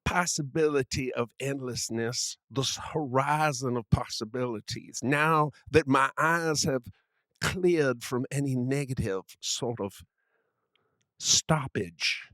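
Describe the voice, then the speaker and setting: A man putting on a pompous, verbose Southern gentleman with a put-on Southern accent, drawing his words out. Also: mid-range voice, dry recording. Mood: grandiloquent. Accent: American Southern, put on. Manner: flowery, drawn-out, overly formal. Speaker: podcast co-host.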